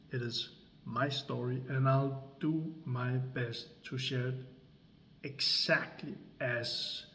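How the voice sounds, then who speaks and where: Slow, deliberate man. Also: mid-range voice, a bit bright, a little hiss or hum. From Denmark. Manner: slow, deliberate, with long pauses between phrases. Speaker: creator and coach. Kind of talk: slow dramatic storytelling.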